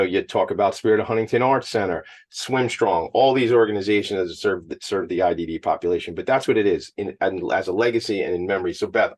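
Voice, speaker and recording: A man hosting an interview, enthusiastic and effusive, getting emotional at times. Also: fairly low pitch. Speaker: podcast host. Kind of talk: lively interview chat. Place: at a school event.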